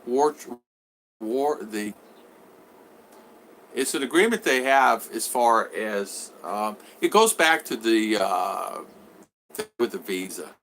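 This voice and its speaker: Animated bright-voiced male vlogger. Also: slow pace, pauses often, a little hiss or hum. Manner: animated, acts out both sides of conversations in a higher voice. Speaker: vlogger answering live chat. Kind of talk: rambling live-stream chat.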